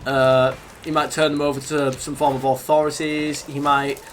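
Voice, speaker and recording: A young man chats while streaming a game, rambling and halting as he thinks aloud. His voice sits a bit high for a man. Steady noise runs under the recording. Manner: rambling, halting, talks over gameplay. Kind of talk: casual gaming stream chat. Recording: noisy background.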